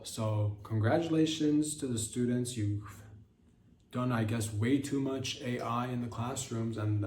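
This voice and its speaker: A man's voice: medium pitch, dark tone, distant mic. Profane sarcastic man in an echoey room. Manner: profane, sarcastic, mock-indignant rants. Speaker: comedy podcast host. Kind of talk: crude satirical monologue. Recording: echoey room with faint noise.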